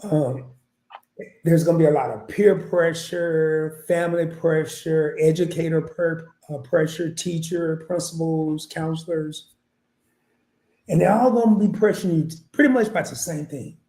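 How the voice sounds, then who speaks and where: A man's voice: a little high, steady tone, unhurried, mellow. A man from small-town Arkansas, telling a rambling, laughing story on a podcast. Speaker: podcast guest. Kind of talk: casual storytelling chat. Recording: echoey room.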